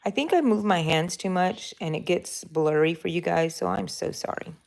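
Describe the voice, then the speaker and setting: Crocheting on a home livestream, an older woman chats in a loose, rambling way and replies to her viewers. She speaks at a moderate pace in a lowish voice with vocal fry.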